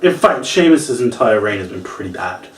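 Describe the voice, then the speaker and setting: A man with a lowish voice rants through a casual wrestling review at a normal speed. He's animated, swears often, and acts out the moves and quotes. The recording sounds roomy, with him far from the mic.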